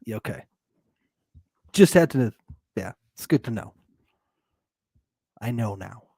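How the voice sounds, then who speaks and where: A man's voice: fairly low pitch, lively intonation, slow, vocal fry, dark tone, husky, no room sound, studio quality. A man co-hosting a live TV recap podcast, chatting casually, laughing often and plugging the show. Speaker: podcast co-host.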